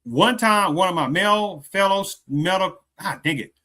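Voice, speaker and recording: Guy doing rambling reaction commentary, kinda high voice, keeps asking if you get it. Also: moderate pace, sharp tone. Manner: repeats rhetorical questions, restarts sentences often. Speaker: commentary channel host.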